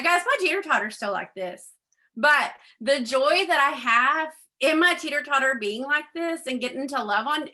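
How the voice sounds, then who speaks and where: A woman giving a chatty motivational talk to her sales team, full of fillers and acting out conversations. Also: high-pitched. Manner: chatty and animated, many fillers, acts out quoted dialogue. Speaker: direct sales leader speaking to her team.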